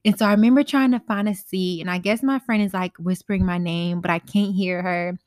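A woman's voice: lowish voice, a little fast, no echo. Young woman spilling tea from her bedroom, slangy and cussing, dry close sound. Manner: candid, slangy and profane, animated quoted voices. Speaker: podcast host. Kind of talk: casual storytime chat.

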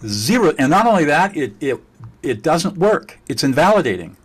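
A man speaking as a guest expert on communication, blunt and forceful, repeating words for emphasis and cursing at times. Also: a little high, very animated, normal speed, slightly rough. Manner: slightly profane. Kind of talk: emphatic conversation.

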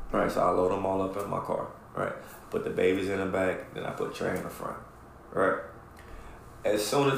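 A man with a gravelly, fry-laced voice tells a story on a podcast, loose and profane, and acts out the lines of the people in it. The room is very echoey, with a faint hum of ambience behind him. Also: on the low side. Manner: animated, profane storyteller who acts out quotes. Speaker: podcast co-host. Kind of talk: casual storytelling chat.

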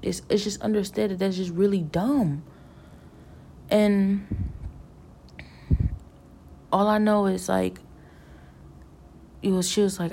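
A woman's voice: lowish voice, steady tone, moderate pace, gravelly, pauses often, dark tone, slight background noise. A woman telling a long, rambling story about a vision, musing earnestly about God and the devil with many fillers and restarts.

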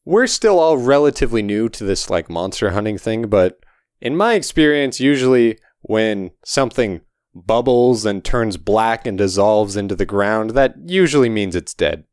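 Smooth-voiced male tabletop player. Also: lowish voice, normal speed, no room sound, clean studio sound. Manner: relaxed, plain-spoken, argumentative in character. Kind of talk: in-character tabletop play.

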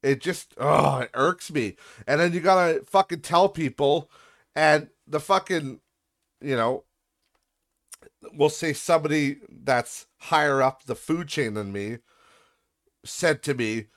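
A man's voice: fairly high pitch, animated, moderate pace, a bit bright. A young man hosting a podcast, ranting in a frustrated, profane way about a messy workplace. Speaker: podcast host. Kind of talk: casual venting monologue.

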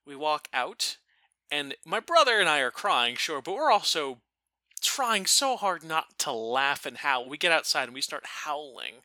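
A man casually telling a funny family story, animated and profane, laughing now and then. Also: on the high side, unhurried, no echo. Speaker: storyteller guest.

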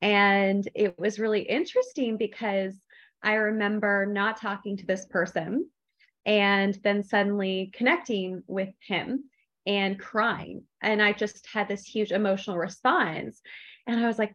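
A woman's voice: mid-range voice, steady tone, moderate pace, fairly bright tone. A woman with a mid-range voice tells a personal story in a thoughtful, reflective way during a podcast chat. She acts out her own past thoughts as she goes. The audio is slightly dull and lo-fi.

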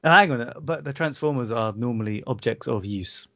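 A man's voice: mid-range voice, normal speed, creaky, a bit bright, no echo, muffled recording. A British man co-hosting a podcast, rambling drunkenly, swearing and laughing at his own jokes. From Britain. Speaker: podcast co-host. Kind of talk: drunken casual chat.

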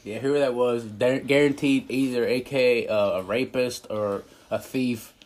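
A man's voice: mid-range voice, steady tone, measured pace, a little mellow. A young man making laid-back, joking asides in a casual podcast chat.

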